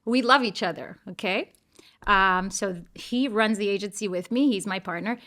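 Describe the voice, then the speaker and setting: A middle-aged woman from Colombia, talking as an interview guest in an emphatic, playful way with quick bursts. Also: mid-range voice, fairly bright tone. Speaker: guest, real estate broker. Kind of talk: animated interview talk.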